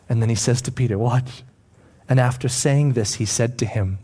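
A man preaching a sermon, acting out voices and swinging from loud passages to hushed ones. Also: mid-range voice, moderate pace, husky. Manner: dramatic, acts out voices, swings from loud to whispered. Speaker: pastor.

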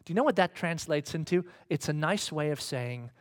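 High-voiced preacher telling a story. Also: male voice, expressive, fairly quick. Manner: conversational, humorous storytelling. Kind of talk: sermon.

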